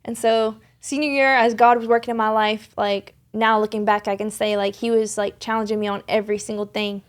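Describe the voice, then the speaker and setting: On a podcast in a studio, a young woman earnestly shares a faith story, her talk rambling and full of restarts and fillers. Her mid-range voice is brisk, with a flat delivery.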